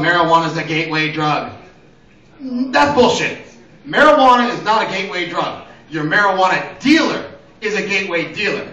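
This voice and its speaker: A man's voice: high-pitched, sharp tone. A man doing crude open-mic stand-up in a small comedy venue, rambling and acting out voices. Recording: roomy lo-fi sound from a distant mic.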